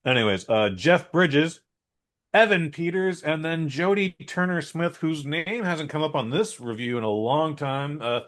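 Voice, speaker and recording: A man's voice: fairly high pitch, unhurried, fairly bright tone. A man co-hosting a podcast, giving a blunt, rambling and opinionated movie review in a casual chat. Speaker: podcast co-host.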